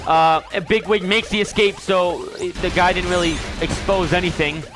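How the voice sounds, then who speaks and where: A young man hosting a game video, recapping a story in a casual, rambling and animated way with lots of filler words. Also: sits high, moderate pace, music in the background. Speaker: let's play host.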